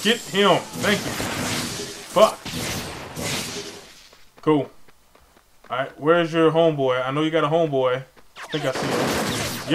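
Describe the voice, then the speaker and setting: A man commentates his gameplay casually, cursing and trash-talking with excitable energy. His voice sits a little high for a man. The recording has a noisy hiss behind it. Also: takes it slowly, long pauses. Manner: profane, excitable trash talk. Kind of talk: casual let's play commentary.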